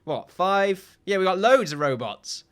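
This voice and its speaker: A man's voice: sits high, sing-song, a little slow, fairly bright tone, clear, resonant tone. A man hosting a let's play video, rambling and joking and often laughing at himself as he talks. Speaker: gaming video host.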